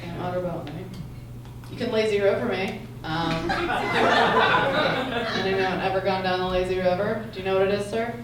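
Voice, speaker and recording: A woman's voice: medium pitch, fairly even intonation, moderate pace, long pauses. Brash, crude young woman comedian. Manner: brash, crude, talking to the crowd. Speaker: stand-up comedian. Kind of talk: stand-up set. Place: comedy club stage. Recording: echoey club miked from far off, loud room noise.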